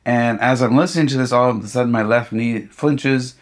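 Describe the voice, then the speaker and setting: A pastor and guest speaker tells a personal story in an interview, lively and conversational. His medium-pitched voice is brisk, and he acts out what others said as an animated storyteller, adding humorous, self-deprecating asides.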